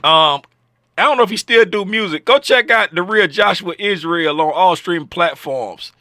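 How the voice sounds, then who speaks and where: High, bright-voiced man hosting a livestream. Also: lively intonation, moderate pace, no echo, clean studio sound. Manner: joking, shouting out chat viewers by name. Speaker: trading livestream host. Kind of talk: casual livestream chat.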